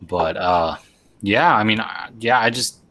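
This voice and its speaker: A man's voice: fairly low pitch, measured pace, pushed and bright. A man hosting a casual live show about tabletop wargaming, explaining tactics step by step and often repeating his words.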